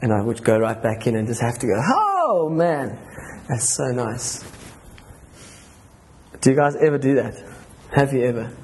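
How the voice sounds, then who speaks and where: A man's voice: medium pitch, steady tone, fast talker, few pauses, warm tone, a little hiss or hum. A man giving an informal, enthusiastic talk at a church gathering. He rambles, restarts his sentences and laughs between them.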